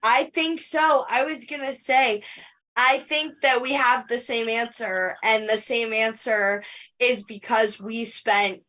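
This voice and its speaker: A woman's voice: fairly high pitch, steady tone, slow pace, bright, forceful tone, distant mic. A woman podcast co-host chatting casually in an interview, rambling with many fillers and restarts.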